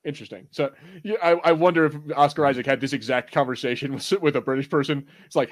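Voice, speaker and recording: A man's voice: mid-range voice, fast talker. A young American man co-hosting a podcast in casual chat, laughing often and swearing casually. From United States. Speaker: podcast co-host.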